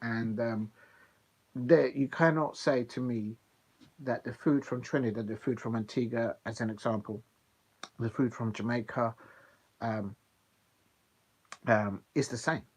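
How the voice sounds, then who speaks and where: Chatty man, slightly husky. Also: mid-range voice, a little slow, pauses often. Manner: chatty, digressive, animated storytelling with filler ums. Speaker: football watch-along streamer. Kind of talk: casual rambling chat.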